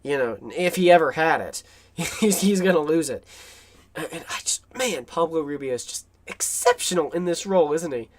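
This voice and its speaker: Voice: medium pitch, expressive, normal speed. A film commentator rambles through a casual voice-over. The talk is enthusiastic and full of fillers and restarts.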